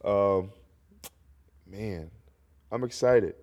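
A man's voice: lowish voice, drawn-out words, dull audio. A young man from North Carolina hosting his own solo podcast, talking in a rambling, jokey way while congested. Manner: rambling, animated, jokey asides. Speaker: podcast host. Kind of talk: casual solo podcast monologue.

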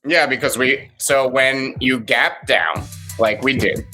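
A man talks through market moves in a loose, rambling way, co-hosting a live morning show. His voice sits at an ordinary middle pitch, with soft music faintly behind him. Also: slow pace. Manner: explains trading terms, rambling and playful. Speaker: co-host and market commentator. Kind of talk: casual live-stream chat.

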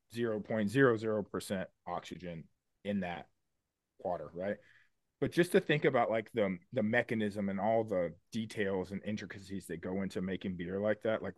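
Man, podcast co-host, enthusiastic explainer, casual swearing, low voice, dry sound. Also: no room sound. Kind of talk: casual chat.

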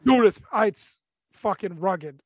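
High-voiced man telling a profane story. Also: animated, takes it slowly, darkish tone, no room sound. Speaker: podcast co-host. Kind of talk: casual storytelling. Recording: dry, dull lo-fi recording.

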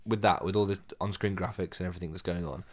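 A man's voice: low voice, steady tone, fast talker. A British man co-hosting a podcast in casual chat, blunt and swearing freely, with rambling restarts. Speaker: podcast co-host.

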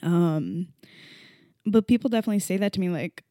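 A woman's voice: a little fast, no room sound, clean studio sound. Emotional, profane young woman podcaster. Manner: emotional and profane, swinging between hushed and loud; mocking quotes in a low voice. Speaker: podcast host. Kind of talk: candid solo podcast rant.

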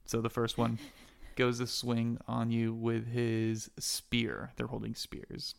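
A man's voice: medium pitch, completely flat delivery, gravelly, clear, resonant tone. A man narrating a tabletop role-playing game as game master, improvising scenes and calling for rolls. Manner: improvised narration with quick character voices.

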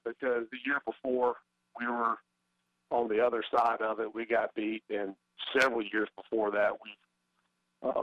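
A man's voice: fairly low pitch, no room sound, lo-fi sound. A middle-aged man, a former baseball player, talking as a guest in a casual interview, hesitant with many fillers and restarts.

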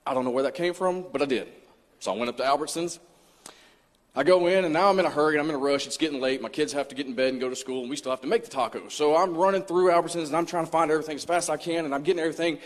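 In a church sanctuary full of long hall reverb, a man preaches a brief sermon at a racing pace, his voice a little high. He tells a personal story earnestly and conversationally, voicing his own past words as he goes.

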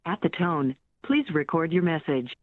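A performer voicing an automated voicemail greeting in a flat, formal tone, heard over a phone line. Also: medium pitch, normal speed, natural voice. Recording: tinny phone line with noise.

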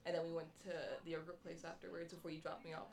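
A woman chatting casually, recalling a shared outing in a relaxed way. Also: low-pitched, racing, vocal fry, distant mic. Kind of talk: casual chat.

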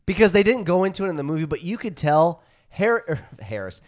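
On a clean, studio-quality recording with no room sound, a high-pitched man talks fairly quickly as a podcast co-host. He chats casually, laughing as he retells movie scenes and acts out the lines.

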